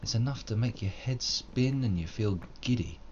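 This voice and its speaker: A man's voice: mid-range voice, animated, moderate pace, darkish tone, muffled recording, slight background noise. A man giving rambling, self-mocking live commentary while playing a game, wordy and fond of old-fashioned flourishes. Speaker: game streamer.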